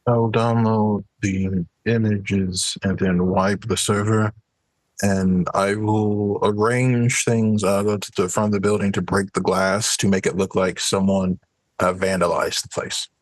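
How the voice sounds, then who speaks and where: A man's voice: on the low side, flat delivery, unhurried, no echo, low-quality recording. A man playing a tabletop role-playing game, stating his character's plans in a matter-of-fact way. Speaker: player. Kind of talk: casual tabletop play.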